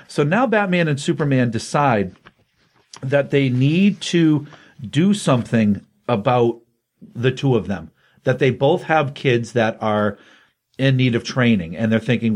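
This comics podcast host narrates a comic book story informally, weaving quoted lines in and out. His voice is mid-range, and he tells the tale energetically with quick voiced quotes.

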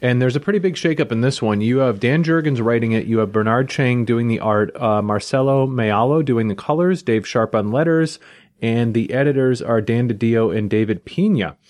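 A man in a casual podcast chat, taking his turn to present a comic. He sets things up in an orderly way, with a relaxed, conversational delivery. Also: mid-range voice, moderate pace. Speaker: comic book podcast co-host.

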